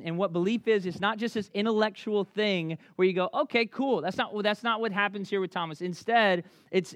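This pastor, a man in his thirties from Memphis, Tennessee, speaks in a high pitch and a thick Southern accent. His sermon is chatty and packed with stories, told animatedly with fast restarts, in a studio-quality recording with no echo.

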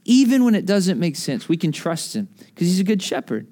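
A man's voice: high-pitched, brisk. Conversational man preaching a sermon. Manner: conversational, animated storytelling preacher. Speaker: pastor.

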